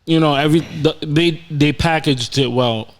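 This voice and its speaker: A man's voice: fairly high pitch, moderate pace. Laid-back young man giving album takes. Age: young adult. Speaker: podcast co-host. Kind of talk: casual music discussion.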